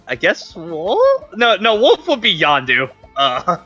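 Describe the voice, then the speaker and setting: A man's voice: high voice, wildly swooping pitch, slow, sharp tone, dull audio, faint music behind. A man in casual gaming chat, hesitating with fillers and laughing along.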